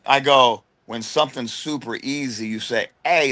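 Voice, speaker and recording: Bright-voiced man telling animated stories. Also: mid-range voice. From United States. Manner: animated, slangy storyteller doing quick impressions. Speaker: guest wrestler. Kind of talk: casual storytelling chat.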